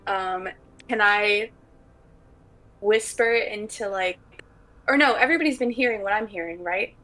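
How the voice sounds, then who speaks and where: Bright-voiced hesitant woman player. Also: medium pitch, unhurried, rough recording. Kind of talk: playing a character in a tabletop game.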